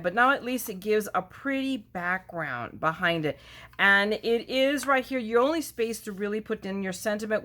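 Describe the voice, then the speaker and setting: A woman hosting a card-making tutorial in casual, rambling chat, loud and full of self-joking asides. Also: mid-range voice. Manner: loud talker.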